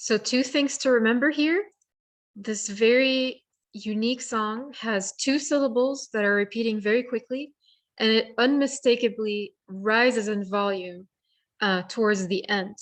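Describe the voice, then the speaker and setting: A woman's voice: on the high side, fairly even intonation, a little slow. A woman presenting an online workshop, explaining how to identify warblers by sight and song in a friendly, explanatory way with small restarts. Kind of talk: virtual bird identification lesson. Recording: virtual program audio.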